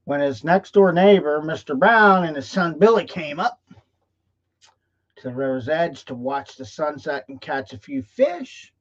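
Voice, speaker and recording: A male host tells a folksy motivational story, drawing out his words very slowly and checking in with "okay?" again and again. His voice sits somewhat high for a man. The sound is muffled and lo-fi, as on a live stream. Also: expressive. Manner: drawn-out and folksy, often asks "okay?". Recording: dull lo-fi livestream audio.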